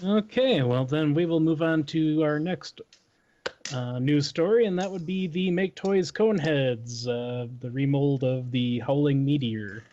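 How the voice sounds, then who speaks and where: A man's voice: a little high, unhurried, dark tone, a little hiss or hum. Man steering a podcast chat. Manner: moderating, leading topics with fillers. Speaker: podcast host. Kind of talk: casual chat. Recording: dull lo-fi podcast audio.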